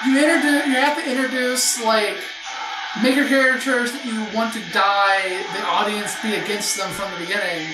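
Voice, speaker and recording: A woman hosting a casual movie riff track, animated and prone to loud outbursts while she reads the credits aloud. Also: a little high, normal speed. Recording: echoey room with faint music.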